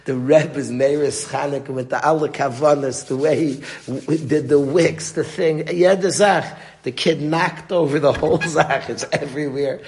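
A man's voice: fairly high pitch, steady tone, normal speed, few pauses, a little mellow. Earnest man teaching a Torah class. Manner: earnest, mixes Hebrew and Yiddish words into English. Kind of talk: Torah lecture.

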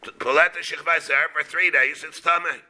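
Teaching a Talmud class, a rabbi explains haltingly, repeating words often and weaving Hebrew and Aramaic terms into his English. His voice is a little high, with a steady, sharp tone.

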